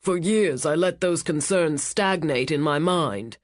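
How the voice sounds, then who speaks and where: A narrator voicing a rich casino owner, a man who speaks with smooth, menacing charm. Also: medium pitch, unhurried, no room sound, studio quality, natural voice. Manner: smooth, commanding, cutting. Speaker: cruise ship owner.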